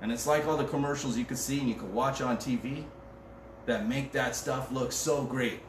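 A man's voice: medium pitch, normal speed. Laid-back pastor guy preaching, cracks jokes, sounds far off in an echoey church with noise behind. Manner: casual, joking, reads scripture aloud. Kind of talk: conversational sermon. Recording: roomy and distant with background noise.

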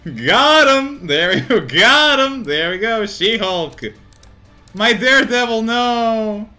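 A young man giving excited gameplay commentary as a card-game YouTuber, swinging between loud hype yells and muttered thinking aloud, swearing casually and laughing often. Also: high-pitched, takes it slowly, faint music behind. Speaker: gaming YouTuber.

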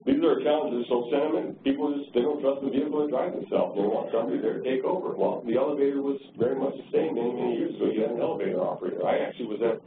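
This man, a transportation agency director, races through his conference presentation at medium pitch with barely a pause, speaking loosely and repeating words as he thinks. The sound is far off, tinny, roomy and full of noise.

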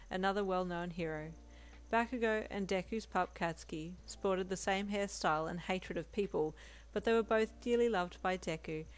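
A woman reading a fanfiction story aloud in steady, gentle second-person narration. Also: on the low side. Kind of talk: scripted narration.

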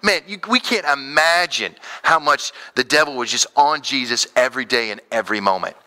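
Guy in his 30s preaching, really bright voice, acts out what people say. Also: mid-range voice, fairly quick. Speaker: pastor. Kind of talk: sermon.

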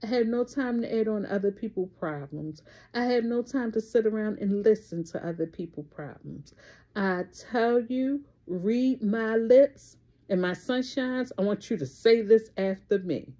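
A woman's voice: fairly high pitch, lively intonation, warm tone. Emphatic woman vlogger in her thirties. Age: 30s. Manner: emphatic, stretches key words out slowly; talks straight to her viewers. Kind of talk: casual motivational vlog talk.

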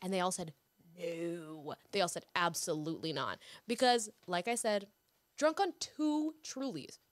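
A twenty-one-year-old woman from Houston, Texas, appears as a guest actress on a podcast recorded in the host's apartment. Her slightly high, lively voice comes through with no room sound as she chats casually, teasing playfully and joking quickly.

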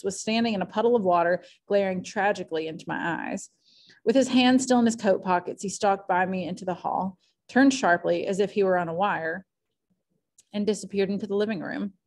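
A woman reading a classic novel aloud at home, with clear, expressive storytelling. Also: mid-range voice, moderate pace. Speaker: audiobook reader.

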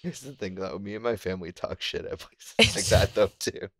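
A person chiming in on a comedy podcast with deadpan remarks in casual chat. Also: low voice, normal speed, no echo, clean studio sound.

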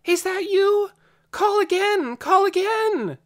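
A man's voice: extremely high pitch, expressive, slow pace, pitched above the performer's own voice, exaggerated voice. A man voicing a young girl in an audiobook, calling out at the top of her lungs across open fields. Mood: shouting.

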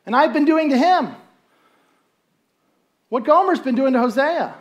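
Preaching in a church sanctuary at a measured pace, this pastor has a high-pitched, animated voice. He keeps the sermon relaxed and conversational, asking the congregation rhetorical questions and briefly voicing the characters in his story.

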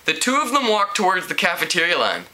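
Bright-voiced man reading a novel aloud. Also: high-pitched, huge pitch swings, fast talker. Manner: casual, amused reading with slips. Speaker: reader.

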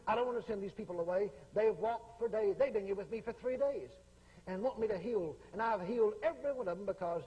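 Husky high-voiced preacher, goes up and down a lot, long church echo. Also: male voice, a little mellow. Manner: folksy, repetitive, acts out quotes. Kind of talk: sermon storytelling.

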